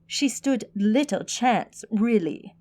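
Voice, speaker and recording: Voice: medium pitch, expressive, takes it slowly, a little mellow. Woman voicing an old mage, earnest, reasoned, audiobook. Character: centuries-old mage defending a friend.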